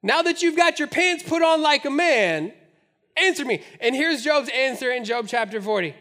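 A man preaching a sermon, lively, acting out the voices in the scripture he reads. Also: very high voice, a little fast. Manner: animated, acts out scripture voices. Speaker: pastor.

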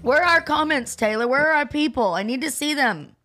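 A woman's voice: high voice, animated, brisk, bright, forceful tone, soft background music. A woman co-hosting a chat show, talking in a bubbly, rambling, self-deprecating way. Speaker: podcast co-host. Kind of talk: casual chat with a co-host.

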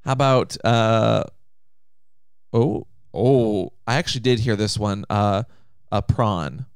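A man co-hosts a podcast in a playful, teasing, casual chat, his lowish voice slow and smooth. The recording is dry, with clean studio sound.

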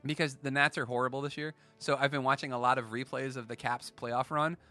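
A young man from the Washington DC area hosting a casual podcast chat, telling animated stories and mimicking accents for laughs. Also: mid-range voice, brisk, no room sound, soft background music. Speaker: podcast host.

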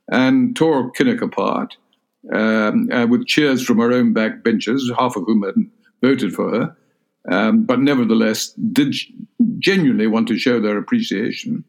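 An older man with a Scottish accent recalls events in a sit-down interview, speaking in a measured, halting way with many fillers and restarts. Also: mid-range voice. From Scotland. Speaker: interviewee, former cabinet minister. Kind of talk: reflective recollection in a sit-down interview.

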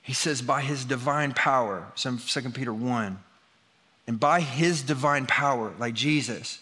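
A man preaching a conversational sermon, moving between loud emphasis and hushed, quiet passages. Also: medium pitch, unhurried. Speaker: pastor. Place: church hall. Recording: long church reverb.

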